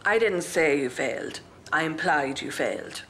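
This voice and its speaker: An actress playing a sardonic middle-aged nun headmistress in a sitcom, with a dry, withering deadpan delivery. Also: female voice, sits low, moderate pace, slight background noise. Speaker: school headmistress. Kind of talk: broadcast sitcom acting.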